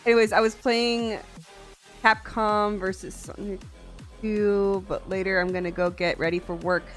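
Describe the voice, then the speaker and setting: A woman from Tennessee chatting casually with her stream viewers, soft-voiced, swearing freely and laughing often. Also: mid-range voice, little pitch movement, moderate pace, faint music behind.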